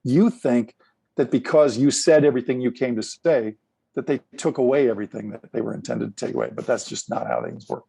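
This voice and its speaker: A man with a mellow, warm tone and a mid-range pitch, speaking as a guest in a casual interview. He explains ideas at length and moves easily into animated storytelling. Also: fairly quick, creaky, husky.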